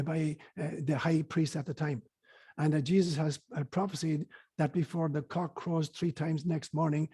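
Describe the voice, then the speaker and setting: Male guest, earnest storyteller, husky and a bit high. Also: dark tone. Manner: earnest, hesitant fillers, storytelling. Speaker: guest speaker on spirituality. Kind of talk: reflective storytelling interview.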